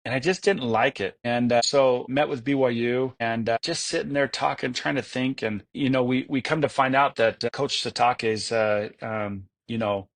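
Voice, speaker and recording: A man's voice: medium pitch, steady tone, moderate pace, hardly any pauses. A man telling stories as an interview guest, enthusiastic and rambling, with many fillers and restarts. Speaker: guest, entrepreneur. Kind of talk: casual interview storytelling.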